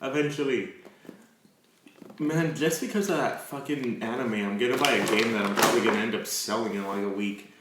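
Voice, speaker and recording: A man's voice: lowish voice, fast talker, very noisy. A young man co-hosting a casual anime podcast, blunt and profane, laughing often. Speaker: podcast co-host. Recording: very echoey room.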